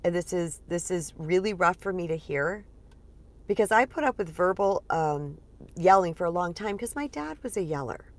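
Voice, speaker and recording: A woman in her forties, a spiritual empowerment coach, talking casually to her audience in an earnest, lively way with many fillers. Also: lowish voice, moderate pace. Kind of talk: casual teaching monologue.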